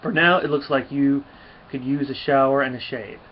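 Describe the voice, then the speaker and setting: Fatherly older scientist, gentle and kind, read by a man; dull lo-fi take with faint hiss. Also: mid-range voice, moderate pace, close to an everyday voice. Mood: soothing. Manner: read aloud from a comic, lightly voiced.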